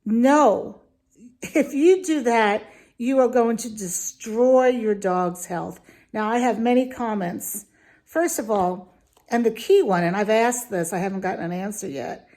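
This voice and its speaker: A woman rants through a video review, indignant and emphatic. Her voice sits fairly high, and she speaks slowly and deliberately, leaning hard on her points. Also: a little mellow. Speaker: dog food reviewer.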